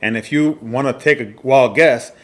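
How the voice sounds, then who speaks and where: A male fitness coach giving a slide presentation lesson, speaking in an emphatic, deliberately repetitive way with frequent check-ins to his listeners. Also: mid-range voice, fairly bright tone.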